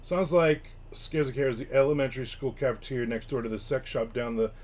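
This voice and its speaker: A man's voice: medium pitch, fairly quick, darkish tone. A man, an author talking to his audience in a casual, rambling storytelling monologue, full of fillers and restarts. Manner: rambling, chatty, lots of fillers and restarts, quotes people in livelier voices. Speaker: author and vlogger.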